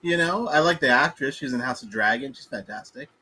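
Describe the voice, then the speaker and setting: A man's voice: medium pitch, lively intonation, fairly quick, pushed and bright, breathy edge. A man co-hosting a podcast, chatting casually in a playful, teasing way. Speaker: podcast co-host. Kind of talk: casual chat.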